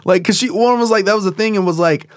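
A man's voice: high-pitched, fast, dry recording, studio quality. A man telling a personal story in casual conversation, rambling with many fillers and restarts.

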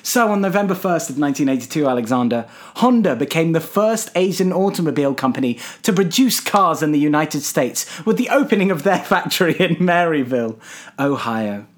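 A man's voice: a little high, expressive, a little fast. A man with a slightly raised voice co-hosting a casual podcast. He teases his co-host dryly, laughs easily and moves the show along. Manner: dry teasing, laughs easily.

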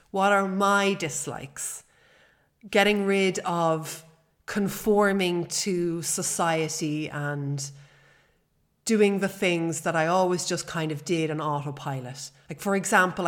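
Earnest woman hosting a podcast. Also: on the low side. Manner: warm, earnest and chatty, with fillers. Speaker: podcast host. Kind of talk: personal podcast monologue.

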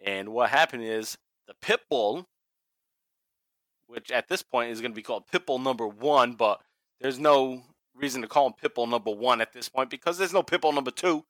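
Boston guy hosting a podcast, bright voice, dry close sound, casual and swears a lot. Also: mid-range voice, moderate pace, no echo. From Massachusetts. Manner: swears freely, laughs often. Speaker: podcast host.

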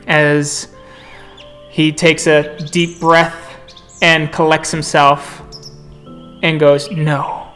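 Slow-paced tabletop storyteller. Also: mid-range voice, level tone, a bit bright, faint music behind. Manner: descriptive, unhurried narration. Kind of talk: narrating a tabletop game.

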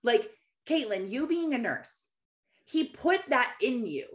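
A woman's voice: a little high, sing-song, slow pace. A woman in her thirties giving casual, encouraging faith-based coaching, chatting to viewers by name and laughing often. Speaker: Christian mentor hosting a live session.

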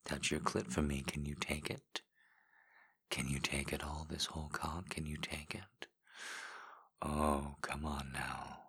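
A man in a whispered role-play, giving slow, coaxing encouragement with repeated phrases in a deep, husky whisper. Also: flat delivery, a bit bright. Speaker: intimate audio performer.

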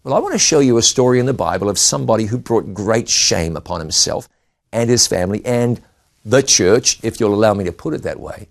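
A man preaching a sermon, reading scripture aloud and retelling it with lively rises and drops in pitch and volume. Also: brisk, creaky. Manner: expressive Bible reading with shifting pitch and volume.

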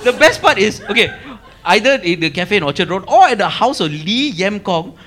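A man's voice: high-pitched, big pitch swings, fairly quick, a bit bright, some chatter behind. A man co-hosting a casual live podcast, telling a story and laughing often. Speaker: podcast co-host.

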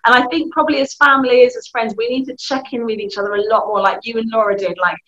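A British woman talks with a bright, fairly high voice, animated and quick to laugh as she gives advice. Her audio sounds muffled and lo-fi, as if over a remote call. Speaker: youth work guest. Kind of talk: lively advice in conversation.

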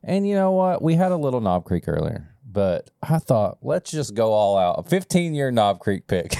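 A man's voice: medium pitch, big pitch swings, moderate pace, gravelly, warm tone, dry recording. A man co-hosting a casual podcast, bantering playfully with jokes. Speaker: podcast co-host. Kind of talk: casual chat.

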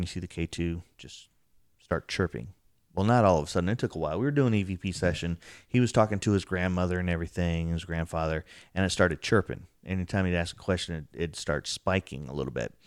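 A man casually telling an excited story about a paranormal investigation, acting out what was said. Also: no echo, studio quality. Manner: excitable, acts out quotes, rising pitch when telling.

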